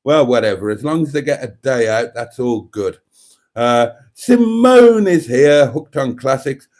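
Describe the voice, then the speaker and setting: A middle-aged man hosts a casual livestream, rambling and joking as he reads out viewer comments. His pitch swings up and down a lot as he talks, and he sounds off the cuff, with plenty of ums and restarts. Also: lively intonation, a little slow, darkish tone. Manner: chatty, rambling, jokey, with many fillers. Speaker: livestream host.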